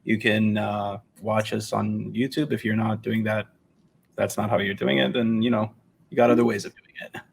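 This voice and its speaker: A podcast co-host chats casually, relaxed and a little hesitant with fillers. The voice has a noticeable gravelly edge at a middle pitch. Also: normal speed.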